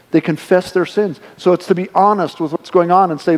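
A pastor in his forties delivers a sermon in a loose, conversational way, slipping into the voices of the people he quotes. His voice sits fairly high for a man. The sound rings with the long reverb of a church sanctuary. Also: fast talker, few pauses, darkish tone.

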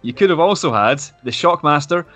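A man's voice: a little high, lively intonation, brisk, a bit bright, soft background music. A man co-hosting a casual podcast, laughing often and running a game segment with easygoing patter. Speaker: podcast co-host.

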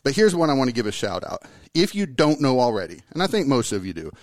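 A male podcast host with lively, joking energy who rambles freely between stories. His voice sits at an ordinary pitch and is recorded close and dry, with no room sound around it. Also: fast talker, dry recording. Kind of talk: casual podcast chat.

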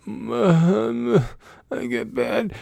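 A man doing a mocking impression of a hiccuping male friend with a bad stomach, in a high strained squeak. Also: big pitch swings, extremely slow, creaky, warm tone, dry recording, full character voice. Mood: queasy.

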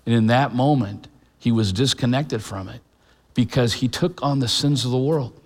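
A middle-aged man preaching a sermon as a pastor, earnest and halting, with restarts and fillers. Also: mid-range voice, in a large hall. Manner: emotional, choked up at moments.

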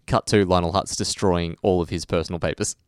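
A man's voice: deep voice, steady tone, brisk, smooth, no echo, studio quality. A man co-hosting a casual podcast, chatty and fond of telling jokes. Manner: chatty, tells jokes with voices. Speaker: podcast co-host. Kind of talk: casual chat.

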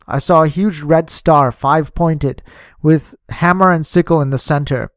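A man narrating a memoir in a measured, steady audiobook reading on a close microphone. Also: a little high, clear, resonant tone, no room sound.

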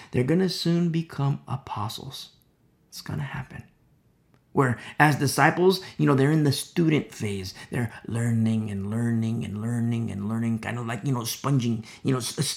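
Gravelly-voiced man preaching a sermon. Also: medium pitch. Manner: conversational, filler-heavy preaching with acted quotes, dropping to whispers. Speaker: pastor.

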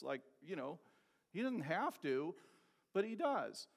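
A man delivers an expository sermon in a somewhat high, gravelly voice. He leans on rhetorical questions and slows down to drive his points home. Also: expressive. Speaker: preacher.

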